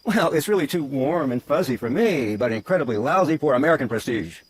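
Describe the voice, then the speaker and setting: A man's voice: mid-range voice, expressive, brisk, husky. A man delivering sarcastic voice-over commentary, mocking and full of theatrical swings in emphasis.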